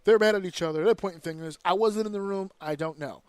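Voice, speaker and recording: A man hosting a casual podcast, ranting in an animated, profane way. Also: sits high, fast talker, clear, resonant tone, no room sound. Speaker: podcast host.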